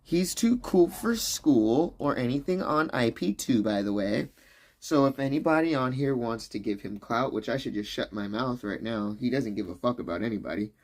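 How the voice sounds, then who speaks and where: A man's voice: mid-range voice, lively intonation, moderate pace, darkish tone. A young man hosting a casual livestream chat, loose and profane, rambling and laughing while he drinks beer. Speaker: livestream host.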